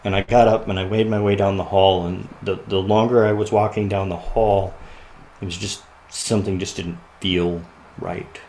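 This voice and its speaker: A man sharing a personal story as a podcast guest, earnest and often quiet and halting, laughing at the lighter moments. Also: low voice, level tone, slight background noise, rough recording.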